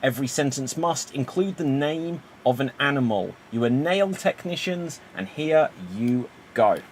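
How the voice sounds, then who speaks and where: A man hosting an online improv contest on a video call, brisk and chatty, filling pauses with "um". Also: mid-range voice, lively intonation, a little hiss or hum. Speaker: host.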